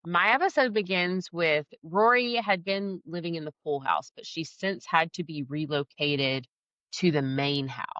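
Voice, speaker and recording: A woman chatting as a guest, agreeable and quick to chime in, then telling her own episode recap. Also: low-pitched, fairly bright tone, no room sound, muffled recording. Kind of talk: casual chat.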